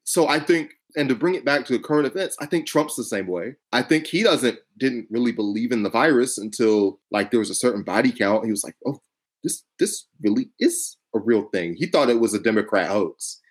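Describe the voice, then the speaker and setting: A man's voice: medium pitch, brisk, hardly any pauses, husky. A man co-hosting a podcast, telling stories animatedly and swearing freely. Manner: animated, profane, storytelling with voiced quotes. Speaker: podcast co-host. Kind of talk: casual political chat.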